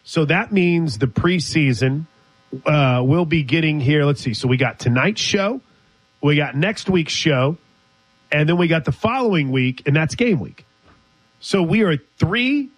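A man hosting a sports talk show, teasing and conversational. His voice sits a little high, and it is recorded close and dry. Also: animated, measured pace, dry recording. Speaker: host. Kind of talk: casual sports radio chat.

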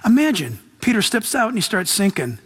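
A man with a notably high voice preaches to his congregation. He talks in a relaxed, animated way, full of slang and quick asides. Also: slightly rough. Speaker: pastor. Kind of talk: sermon.

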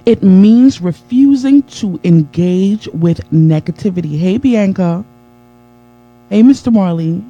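A woman's voice: medium pitch, expressive, takes it slowly, mellow, muffled recording. A woman giving a live-streamed motivational talk in an emphatic, preacher-like way, greeting viewers as she goes. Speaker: motivational speaker.

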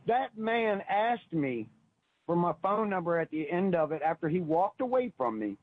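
A man's voice: sits high, very animated, normal speed, slight background noise. A man calling in to a radio show, telling an earnest, emotional personal story and often repeating himself, heard over a phone line. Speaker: caller. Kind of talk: call-in radio testimony.

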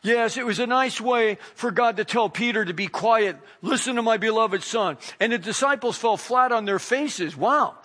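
A man preaching a sermon, animated, acting out the voices of the people he quotes. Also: extremely high pitch, moderate pace, hardly any pauses.

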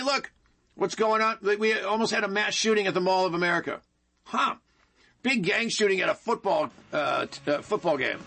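A man's voice: sits high, sharp tone, breathy edge. A man hosting a political talk show, delivering an opinionated monologue with emphatic repetition and frequent calls to "folks.". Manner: emphatic and repetitive, keeps addressing listeners as folks.

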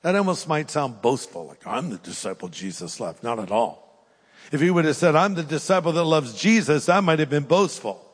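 Older man, pastor, sermon, fairly high voice, earnest pleading, long hall reverb. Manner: earnest, preacherly, swings between rising emphasis and hushed pleading. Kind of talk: sermon with altar call. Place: church hall with live audience.

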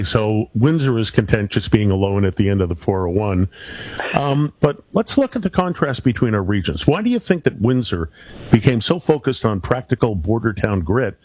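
A man's voice: lowish voice, darkish tone, rough recording. A man hosting a radio talk show, asking curious questions of a guest. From Canada. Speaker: radio host. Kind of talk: radio interview.

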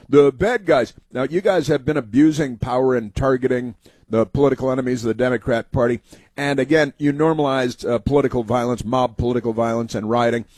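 A man's voice: medium pitch, darkish tone, no echo. A man hosting a political talk radio show, rambling through long monologues full of "uh" fillers and sarcastic asides. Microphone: studio microphone.

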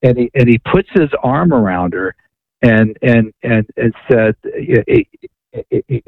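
A man's voice: medium pitch, big pitch swings, measured pace, vocal fry, dry recording. Man on a tinny phone line. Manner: hesitant, repeats words often. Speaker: guest author. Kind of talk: storytelling in a radio interview.

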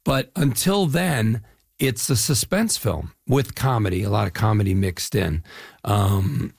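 Older Midwestern man, gravelly husky voice, rambling enthusiastic guest in a dry studio. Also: lowish voice, a little slow, a little mellow, dry recording. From Chicago area, US Midwest. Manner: rambling, enthusiastic storytelling with many fillers. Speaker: actor guest. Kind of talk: casual interview talk.

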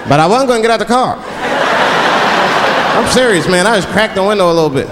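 A man doing a stand-up comedy routine, telling a story with animated delivery and acted-out voices. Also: sits high, quick pace, very noisy. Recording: live club set over loud crowd laughter. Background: audience laughter.

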